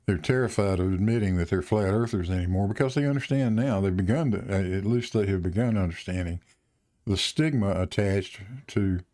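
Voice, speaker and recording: A man with a Southern drawl hosts a casual stream chat. His voice sits low and mellow, and he jokes loosely and restarts his sentences. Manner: joking, with fillers and restarts. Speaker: host of a live stream.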